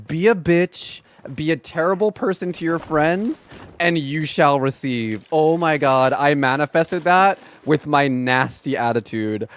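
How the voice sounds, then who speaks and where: A young man streaming a game, chatting casually in an excitable, dramatic and sarcastic way. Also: on the high side. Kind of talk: casual gaming livestream chat.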